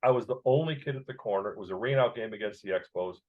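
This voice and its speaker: A man's voice: on the low side, quick pace. Chicago guy in his 60s telling old stories, gets emotional, kinda muffled lo-fi sound. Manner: emotional, vivid storyteller. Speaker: author and guest. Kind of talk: storytelling interview. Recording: dull lo-fi sound.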